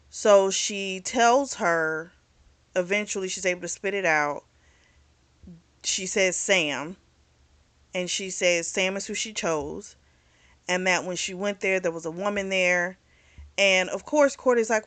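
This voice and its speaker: A woman's voice: medium pitch, takes it slowly, fairly bright tone, no room sound. Chatty woman recapping a novel. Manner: chatty, acts out characters' lines in quotes. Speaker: book reviewer. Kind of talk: casual book review recap.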